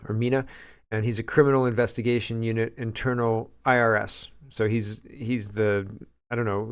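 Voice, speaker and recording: A man with a gravelly, fry-laden voice talks through news clips as a show host. He muses casually, pausing to react and think out loud. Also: lowish voice. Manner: musing, reacts aloud to video clips. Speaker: political commentary host.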